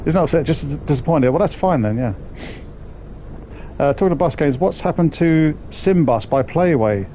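A man's voice: fairly high pitch, animated, normal speed, dark tone, a little hiss or hum. Sweary man streaming a game. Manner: sweary, jokey banter with chat. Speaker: gaming streamer. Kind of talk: live gameplay commentary.

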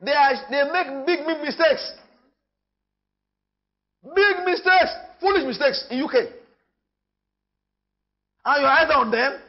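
A man with a Nigerian accent preaching a sermon in church. He talks with emphasis, repeats his phrases and swings from loud to hushed. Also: very high-pitched, moderate pace, pauses often, lo-fi sound. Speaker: pastor.

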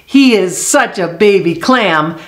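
A woman voicing a curious, eager little girl who asks question after question in a bright, childlike way. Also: medium pitch, lively intonation, takes it slowly. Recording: echoey room.

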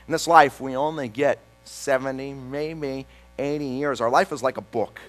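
A man pastor reading a psalm aloud and then preaching a sermon, slowing down and pausing for emphasis. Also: medium pitch, soft background music, poor audio. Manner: reads scripture then preaches with slow, emphatic pauses.

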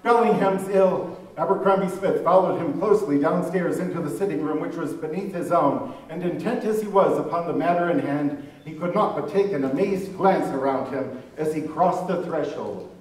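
Male narrator, measured dramatic reading, very roomy echo. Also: a little high, a little mellow. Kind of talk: dramatic reading of a classic story. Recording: echoey room, voice far off.

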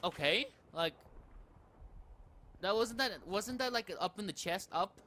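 A man's voice: high voice, animated, unhurried, pushed and bright, slight background noise. A young man giving live commentary over a shooter game, foul-mouthed and ranting as he keeps dying. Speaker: gameplay commentator. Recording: faint game gunfire behind.

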